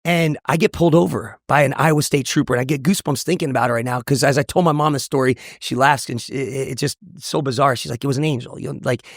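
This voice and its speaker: A man's voice: mid-range voice, quick pace, few pauses, no room sound, studio quality. A man, a motivational speaker, telling an emotional personal testimony in an intense, earnest way. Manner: intense, earnest storytelling with repetitions.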